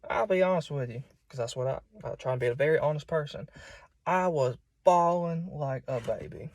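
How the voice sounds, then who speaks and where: Guy preaching, earnest and plain-spoken, kinda high voice, dry recording. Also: fairly quick, no echo. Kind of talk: informal sermon.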